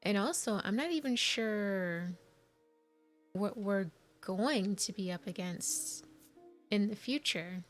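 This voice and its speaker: Woman gamer, slow unhurried talk, thinking out loud, casual game commentary, faint music behind. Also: mid-range voice, animated. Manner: chatty, thinking aloud, confused asides. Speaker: let's play gamer.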